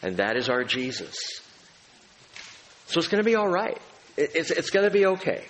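A man preaching a sermon as pastor to a large auditorium, emphatic, with slow stressed phrases that rise as he builds. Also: fairly high pitch, big pitch swings, fairly bright tone, long reverb tail, slight background noise, low-quality recording.

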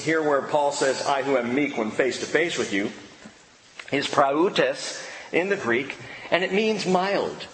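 A man preaching a sermon as pastor, emphatic and shifting to quiet intensity. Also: on the high side, a little hiss or hum. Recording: echoey hall with long reverb.

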